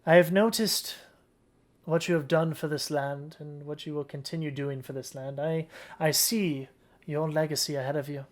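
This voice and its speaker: A game master voicing a calm goddess disguised as a huntress, speaking softly and graciously in a tabletop game. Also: medium pitch, moderate pace, natural voice.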